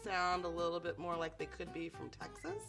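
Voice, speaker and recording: A woman's voice: fairly low pitch, fairly even intonation, a little fast, creaky, music in the background. Woman from New Mexico explaining. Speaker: interviewee. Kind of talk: casual talk to camera.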